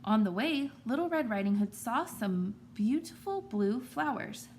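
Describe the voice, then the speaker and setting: Teacher lady reading a kids story aloud, super lively voice, faint hum behind. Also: fairly high pitch, measured pace. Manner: expressive, storytelling. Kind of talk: children's story read-aloud.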